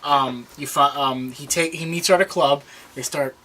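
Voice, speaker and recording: Bright-voiced young man, rambling recap. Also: fairly high pitch, steady tone, moderate pace. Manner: rambling, many restarts, acts out quoted lines. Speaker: podcast co-host. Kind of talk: casual chat recapping a TV episode.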